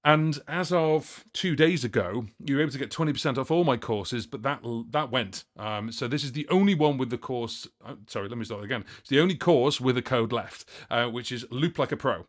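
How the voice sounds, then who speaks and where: A man from the United Kingdom hosts a casual music livestream as a looping musician, chatting with viewers and answering their questions. His mid-range voice runs a little fast with hardly any pauses, and he rambles with many fillers and self-corrections.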